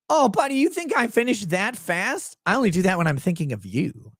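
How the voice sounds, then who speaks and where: Speaking a little fast with hardly any pauses, this young Minnesota livestream host has a high, sing-song, slightly bright voice. He rambles and cracks crude jokes, full of fillers, while reading viewer super chats, all in an echo-free studio-quality recording.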